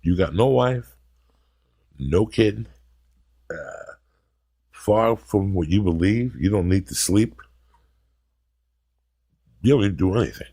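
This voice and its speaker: An older man with a very low, gravelly, husky voice talks in a gruff, blunt, lecturing way during a casual podcast chat. The sound is dry and close to the mic. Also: lively intonation, takes it slowly, pauses often, dark tone, no room sound. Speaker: podcast host.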